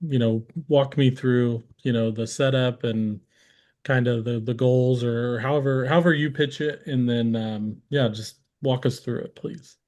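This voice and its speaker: A man hosting a casual live-stream interview. He talks in a relaxed, rambling way, with many fillers and restarts. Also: medium pitch, unhurried. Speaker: host.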